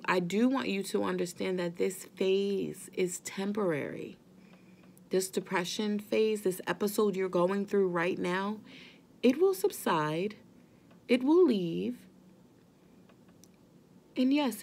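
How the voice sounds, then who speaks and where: A mother vlogging straight to her viewers, earnest and gentle, reassuring them that they are not alone. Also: mid-range voice, creaky. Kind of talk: heartfelt direct-to-camera talk.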